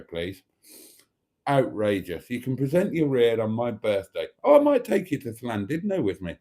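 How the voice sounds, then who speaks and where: A man's voice: medium pitch, dark tone. A middle-aged man, chatting casually on a live stream and reading viewer comments aloud with playful asides.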